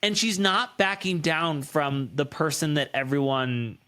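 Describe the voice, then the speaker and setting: A man's voice: fairly high pitch, a little slow. A man co-hosting a casual podcast chat, blunt and gossipy, telling stories with energy. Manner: gossipy, blunt, animated storytelling. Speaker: co-host.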